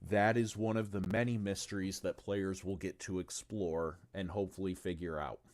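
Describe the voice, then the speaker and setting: Deep-voiced man rambling on a livestream. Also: steady tone, normal speed, a little mellow. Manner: rambling and profane, with stumbles and asides to chat. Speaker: game designer presenting his tabletop game on stream. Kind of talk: casual livestream chat.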